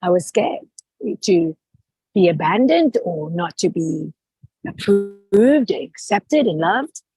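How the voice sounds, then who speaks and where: A woman podcast host speaking earnestly and reflectively about her feelings in a relaxed conversation. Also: on the low side, slow pace, low-quality recording.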